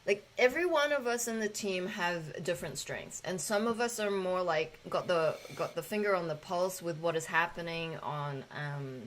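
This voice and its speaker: A woman's voice: lowish voice, moderate pace, hardly any pauses, a bit bright, slight background noise, low-quality recording. A woman hosting a casual spiritual gathering, talking in a loose, rambling way with fillers and the odd swear.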